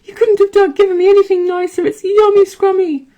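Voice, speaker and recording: A woman's voice: extremely high pitch, little pitch movement, a little fast, mellow, voice pushed up. Woman doing a squealing, sugary pet in raptures. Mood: gushing. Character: blissfully grateful pet gushing over its food.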